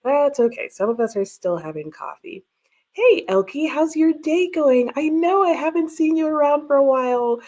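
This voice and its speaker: A woman's voice: high voice, animated, moderate pace, darkish tone. Chatty woman streaming from home. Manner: chatty, laughs often, reads out viewer comments. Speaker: livestream host. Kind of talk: casual livestream chat. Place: home room with bookshelves.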